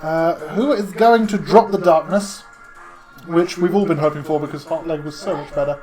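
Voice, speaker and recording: Chatty male dungeon master, slightly high voice. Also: normal speed, a little mellow, faint music behind. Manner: chatty, with lots of fillers and laughs. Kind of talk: narrating a tabletop game.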